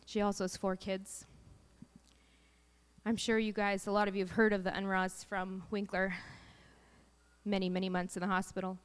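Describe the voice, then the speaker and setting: A woman's voice: medium pitch, level tone, moderate pace, pauses often, clean tone. A woman in her thirties, a mother telling her family's story as a personal faith testimony, in an earnest and emotional way.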